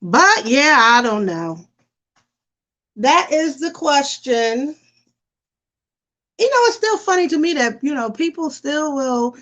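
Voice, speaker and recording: A woman hosting a casual live stream, chatting and reacting in an animated, talkative way. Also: sits high, slow pace, pauses often. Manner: chatty, animated, imitates voices for effect. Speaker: host.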